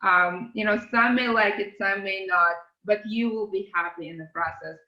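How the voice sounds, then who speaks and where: A woman with a non-native English accent, a podcast guest speaking earnestly and reflectively, often pausing with hesitant fillers and restarts. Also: mid-range voice, dull audio. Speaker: podcast guest, company CEO. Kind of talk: casual interview conversation. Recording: roomy echoey sound.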